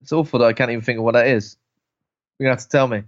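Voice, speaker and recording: A man co-hosting a casual film podcast, answering quiz questions with jokey asides and quick laughs. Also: medium pitch, fairly even intonation, no room sound, lo-fi sound. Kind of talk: casual chat.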